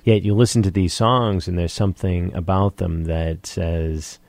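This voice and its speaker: A man with a low, gravelly voice hosts a casual interview. He asks reflective, probing questions and often restarts his sentences. The sound is dry and close. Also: fairly even intonation, normal speed, darkish tone, no room sound.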